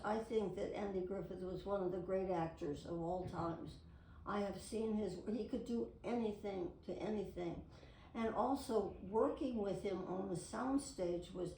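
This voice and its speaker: A woman's voice: mid-range voice, vocal fry, dark tone. Chatty older lady reminiscing, wanders off topic a lot, echoey far-off mic, faint hiss. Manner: rambling, chatty, with many restarts and side trails. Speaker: retired actress telling memories. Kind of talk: casual reminiscing to camera. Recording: roomy, distant recording with faint noise.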